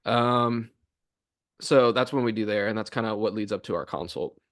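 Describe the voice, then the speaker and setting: A man's voice: fairly low pitch, normal speed, fairly bright tone. A young man co-hosting a podcast, talking casually about his chiropractic office routine, full of "um" and "like" and acting out office dialogue. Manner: rambling, filler-heavy, acts out office dialogue.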